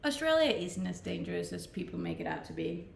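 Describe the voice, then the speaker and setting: Gravelly Scandinavian woman streamer. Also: fairly low pitch, very animated, fairly quick, a little hiss or hum. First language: Scandinavian language. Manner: laughs often, playful and chatty. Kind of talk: casual chat reading out viewer messages. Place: Australia, Gold Coast. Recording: echoey room.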